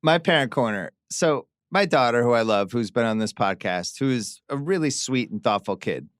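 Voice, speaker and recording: A man's voice: mid-range voice, expressive, normal speed, dry recording. A middle-aged man hosting a podcast, telling anecdotes in casual chat with dry, wry humor. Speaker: podcast host.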